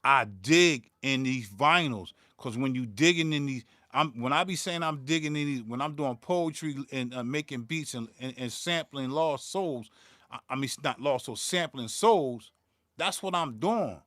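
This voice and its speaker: A man's voice: mid-range voice, measured pace, a bit bright, no echo, clean studio sound. A man, hosting his own beatmaking channel and ranting in a profane, heated way, stumbling and repeating words as he gets worked up. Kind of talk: livestream rant.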